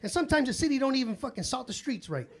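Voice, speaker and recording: A man doing live stand-up comedy in a club, telling stories in a profane, excitable way. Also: very high-pitched, racing, gravelly. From Chicago. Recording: live club with audience laughter. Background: crowd laughter and room noise.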